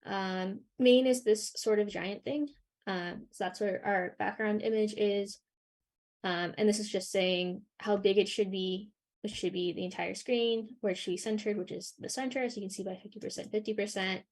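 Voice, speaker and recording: A young woman leading a live coding workshop, talking through her screen with many ums and pauses, her voice a little worn. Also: mid-range voice, fairly even intonation, a little mellow. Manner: hesitant, many ums and sort ofs. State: losing her voice a bit. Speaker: workshop instructor.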